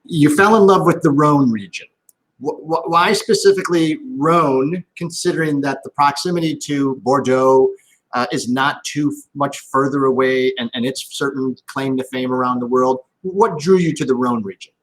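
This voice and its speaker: A man's voice: medium pitch, normal speed, poor audio. A man hosting a wine tasting interview, enthusiastic and often restarting his sentences. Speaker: host. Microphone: video call.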